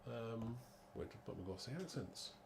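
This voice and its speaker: A man's voice: mid-range voice, moderate pace, creaky, darkish tone, slight background noise. A man hosting a live card-making demo, chatty and rambling, thinking aloud and laughing at his own muddles.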